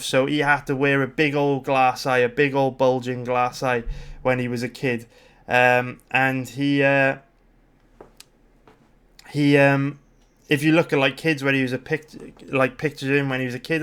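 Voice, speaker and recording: A man's voice: medium pitch, a bit bright, clear, resonant tone. A British man in his thirties hosting a livestream, talking casually in a rambling way, swearing freely and full of fillers and restarts. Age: 30s. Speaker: livestream host.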